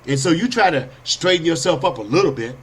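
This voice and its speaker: A man hosting a podcast, telling an animated parable in street slang, swinging between high whiny character voices and low asides. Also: a little fast, breathy edge. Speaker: podcast host. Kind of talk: storytelling monologue.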